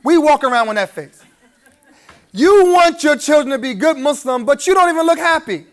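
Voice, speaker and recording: Very high-voiced man, preacherly and joking. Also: animated, moderate pace. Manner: preacherly, humorous, chuckling asides; emphatic rising appeals to the audience. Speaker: keynote speaker. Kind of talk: live keynote speech at a gala dinner.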